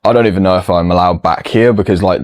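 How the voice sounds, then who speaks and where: A man's voice: sits low, fast, no room sound. A man narrating a walking travel vlog, curious and enthusiastic as he points things out. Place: outdoors in a town and a gas station.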